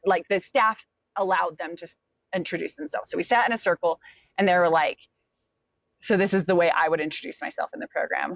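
A woman in her forties telling a personal story as an interview guest, animated and talkative, acting out what people said. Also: fairly low pitch, brisk, dry recording, dull audio. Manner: animated, talkative, acts out quotes.

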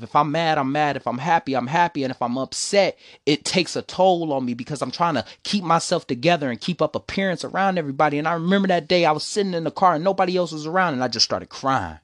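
A man's voice: on the high side, a bit bright, dry recording, studio quality. A young man telling a personal story, emotional and preachy. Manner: emotional, preachy, repeats "see, the thing is".

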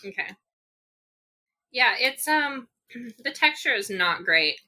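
Podcast co-host, woman, blunt and profane, very sharp bright voice. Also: a little high, lively intonation, slow. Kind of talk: casual chat while taste-testing food.

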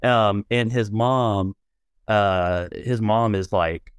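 Smooth low-voiced man telling a story. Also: drawn-out words, no room sound. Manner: rambling, many restarts and fillers, animated when telling stories. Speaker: guest, minister. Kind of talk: storytelling in conversation.

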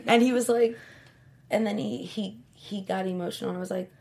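A chatty woman in her thirties, talking as an interview guest. She tells her story with lots of fillers, and her voice jumps up high and loud whenever she acts out what someone said. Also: normal speed. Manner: chatty storyteller, acts out quoted lines in high animated bursts. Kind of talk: casual interview chat.

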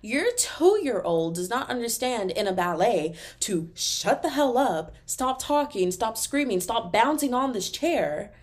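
A young adult woman from Texas with a Texan accent, hosting a podcast in a casual, animated solo rant full of fillers. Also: fairly high pitch. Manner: animated, exasperated, talks fast with many fillers. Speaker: podcast host.

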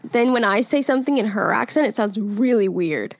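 A woman's voice: on the high side, animated, a little fast, dry recording. A woman in her twenties with a New York accent, co-hosting a casual podcast, telling stories and reading listener emails, laughing often and swearing freely. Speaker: podcast co-host.

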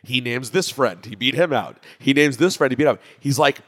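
A man's voice: medium pitch, fairly quick, few pauses. A man co-hosting a podcast, chatting casually and telling stories while acting out what his friends said. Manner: animated, acts out quoted friends. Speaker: podcast co-host. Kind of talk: casual chat and storytelling. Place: echoey room. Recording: echoey room with long reverb.

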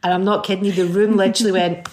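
A middle-aged woman with a Scottish accent, chatting as a guest and telling lively stories, acting out what people said. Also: mid-range voice, racing. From Scotland. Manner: lively storyteller who acts out quotes. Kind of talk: casual chat.

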